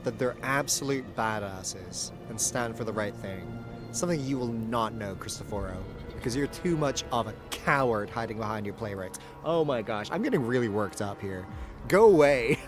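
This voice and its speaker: A man's voice: lowish voice, expressive, moderate pace. A man streaming a game playthrough, reacting with dramatic mock outrage and laughter. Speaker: streamer and voice actor. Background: game music.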